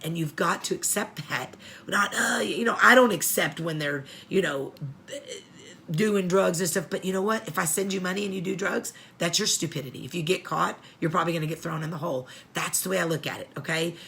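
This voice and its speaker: A woman's voice: low-pitched, vocal fry, a bit bright, slight background noise. A middle-aged woman hosting a support show, tearful and pleading as she gives heartfelt advice, repeating herself for emphasis. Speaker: host of an inmate support show.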